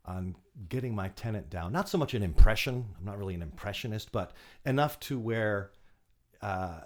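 A man speaking as an actor guest on a casual podcast. His voice sits low but swoops up and down with animation. He talks in halting bursts, restarting phrases and laughing between thoughts. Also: animated.

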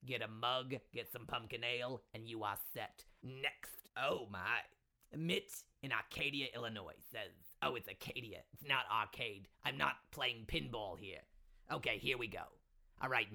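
A man's voice: mid-range voice, vocal fry, bright, forceful tone, voice pushed down. A man voicing a flamboyant older Jewish New York lady who gives advice, gushing and campy, calling people sweetheart and doll. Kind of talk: comedy advice segment.

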